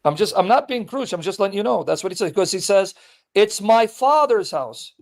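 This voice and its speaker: A man with a notably high-pitched voice argues his point with relentless insistence. He reads scripture verses aloud with heavy emphasis, then turns them back on the other person as pointed challenges. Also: animated, quick pace, creaky, darkish tone. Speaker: Christian apologist debating a Muslim. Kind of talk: street debate, reading scripture aloud.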